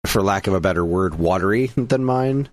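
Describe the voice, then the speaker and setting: A man's voice: sits low, lively intonation, moderate pace, no echo. A man from the United States co-hosting a casual podcast, rambling along with plenty of fillers and restarts. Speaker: podcast co-host.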